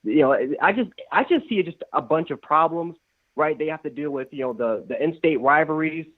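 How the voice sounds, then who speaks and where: A man's voice: on the high side, brisk, no room sound. A man calling in to a sports talk show, asking hesitant questions with lots of fillers over a tinny phone line. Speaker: caller.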